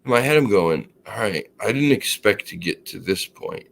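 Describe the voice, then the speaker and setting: A man chatting casually on a podcast, telling an anecdote and acting out the dialogue with lively quoted voices. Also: fairly low pitch, moderate pace, creaky. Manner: animated, acts out quoted dialogue; laughs while telling the story. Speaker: podcast co-host. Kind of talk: casual storytelling chat.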